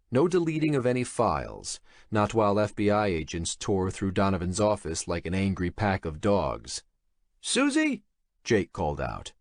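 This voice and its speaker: Lively, low-voiced male audiobook narrator. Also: dry recording, clean studio sound. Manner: dramatic, expressive reading. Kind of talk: scripted narration.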